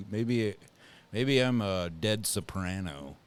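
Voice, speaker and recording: A man's voice: fairly low pitch, a little slow, clear, resonant tone. A man co-hosting a podcast in casual chat, telling rambling stories full of swearing. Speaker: podcast co-host.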